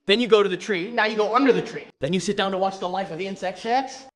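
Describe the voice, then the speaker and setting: A man from Brazil telling a stand-up comedy story on stage, animated and bursting into shouted exclamations. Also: very high-pitched, quick pace, hardly any pauses, a faint crowd, slight background noise.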